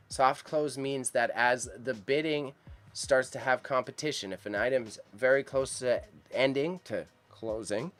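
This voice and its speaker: A man hosting a live stream about an auction, talking casually and enthusiastically to his chat viewers with a lot of slang. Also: medium pitch. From Canada. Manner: chatty and enthusiastic, speaks straight to chat viewers, uses slang.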